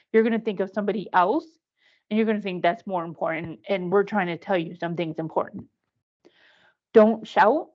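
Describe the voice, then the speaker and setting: Woman giving earnest advice over muffled call audio. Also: mid-range voice. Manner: earnest, direct advice with acted-out examples. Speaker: workshop presenter. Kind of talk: instructive online presentation. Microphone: video call. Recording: dull lo-fi video-call audio.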